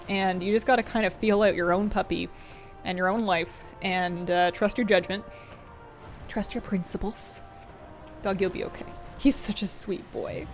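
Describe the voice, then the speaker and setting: Rambling, affectionate woman streamer. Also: medium pitch. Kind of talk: casual chat.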